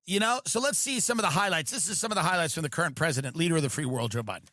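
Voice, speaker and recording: A male podcast host riffing through a profane, animated comedic rant. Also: a little high, very fast, no echo, clean studio sound.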